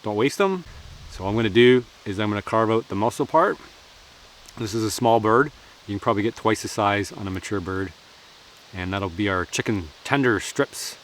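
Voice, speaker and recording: A man's voice: on the low side, lively intonation, moderate pace, slight background noise. A man chatting casually while cooking at an outdoor forest camp, joking and laughing often.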